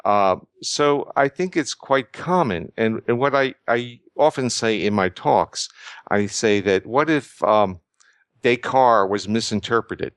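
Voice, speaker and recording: Older guy explaining his research, lowish voice, dry close mic, careful lecturing pace. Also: clear, resonant tone, no echo. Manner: measured, lecturing, frequent restarts. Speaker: guest researcher. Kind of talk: explanatory interview talk.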